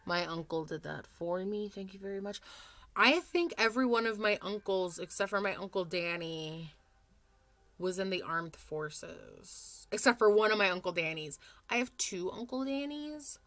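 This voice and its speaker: A woman's voice: mid-range voice, expressive, moderate pace, a bit bright, no echo. A woman in her thirties chatting casually and rambling as she does her makeup at home on camera for a vlog, swearing freely. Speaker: vlogger.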